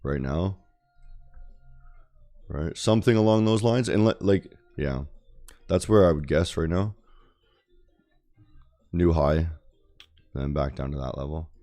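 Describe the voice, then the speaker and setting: A man streams his day trading, commenting casually with frequent "okay?" and "right?" tags, the occasional swear, and plenty of restarts and repeats. His voice is low and dark, and he speaks slowly with many pauses.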